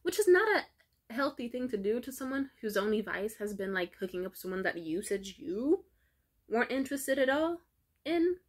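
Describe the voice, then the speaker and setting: A woman's voice: a little high, moderate pace. A young adult woman telling a long story on her vlog in a casual, profane rant full of "like" fillers. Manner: profane, heavy filler words, animated retelling. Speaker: vlogger.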